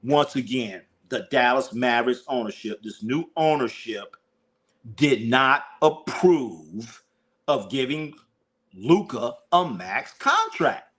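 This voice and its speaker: On a casual sports livestream, a male host talks animatedly and with plenty of profanity, now and then imitating whiny, crying voices. His voice sits in the mid-range, and he speaks slowly.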